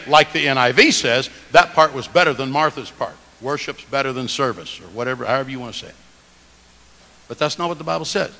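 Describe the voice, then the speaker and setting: Male preacher, bright and forceful, lively delivery, long reverb of a big hall. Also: fairly high pitch, gravelly. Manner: animated, emphatic, shifts loudness and stress. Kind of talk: sermon.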